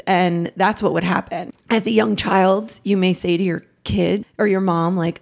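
A woman in her forties, a podcast guest, talking candidly and haltingly about painful memories, with nervous laughs to lighten things. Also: on the low side, steady tone, creaky. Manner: halting, emotional, self-deprecating, laughs through hard moments. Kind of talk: candid personal interview.

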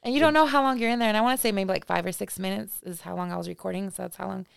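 Woman, podcast co-host, smooth resonant voice, dry close sound, casual chat. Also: mid-range voice, fairly even intonation, rapid-fire, dry recording. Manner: laughs often, swears freely.

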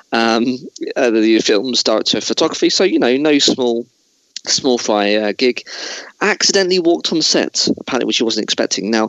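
A man's voice: lowish voice, a bit bright, dry recording, low-quality recording. A man hosting a casual chat, talking in a digressive way with many restarts. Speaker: podcast host.

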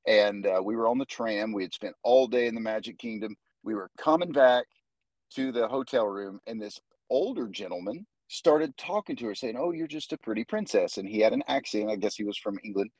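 A man, a jiu-jitsu instructor, talking as a guest in a casual podcast interview, animated and full of restarts. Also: fairly low pitch, brisk, dry recording, poor audio. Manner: animated storyteller, many restarts.

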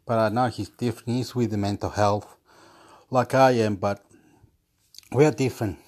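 A man's voice: lowish voice, fairly even intonation, moderate pace, a little mellow. A man telling a rambling story at home into his phone, repeating himself, restarting sentences, swearing and laughing between phrases. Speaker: vlogger. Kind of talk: rambling casual monologue.

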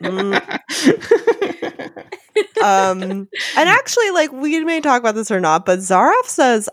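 A woman's voice: fairly high pitch, very animated, slow, long pauses, fairly bright tone, no room sound, studio quality. A woman hosting a casual literature podcast, sardonic and profane, mixing story readings with jokes. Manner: profane, sardonic, reads story passages aloud. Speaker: podcast host.

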